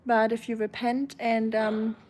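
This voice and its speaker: A woman with a German accent chats through a relaxed live stream, reading comments aloud and answering them one by one. Her voice sits slightly high, and her talk is easygoing and conversational. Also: a little slow. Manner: chatty, reads out and answers chat comments. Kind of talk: casual live-stream chat.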